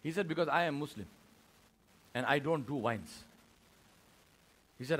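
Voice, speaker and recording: A man from India, his voice husky and on the high side, preaches a Friday sermon in a mosque at a slightly slow pace with frequent pauses. He tells a story with animation, acting out the voices of its characters.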